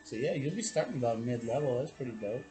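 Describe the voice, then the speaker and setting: A relaxed man who runs his friends' tabletop games, talking casually at an ordinary pitch. He swears freely and keeps things loose. A faint hiss of noise sits under the recording. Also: fast. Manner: swears freely, laid-back. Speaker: game master. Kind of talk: casual chat.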